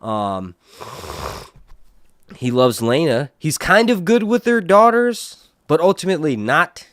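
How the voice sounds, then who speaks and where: A man's voice: on the high side, big pitch swings, slow pace, a bit bright, dry recording, clean studio sound. A man from North Carolina, chatting casually on a livestream and laughing often. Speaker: livestream TV show reviewer. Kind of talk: casual live chat.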